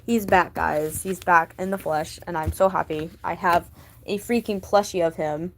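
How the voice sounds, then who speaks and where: A woman's voice: fairly low pitch, fairly even intonation, moderate pace. A woman vlogger chatting casually about her sketchbook, rambling with many fillers and gushing like a fan. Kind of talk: casual chat.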